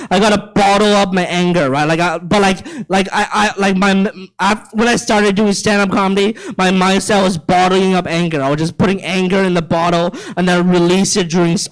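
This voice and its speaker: A young male comedian from China, performing stand-up live on a theater stage. He rants with plenty of profanity, tripping and repeating words as he goes. His speaking voice sits very high for a man. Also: low-quality recording. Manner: stammering, profane ranting.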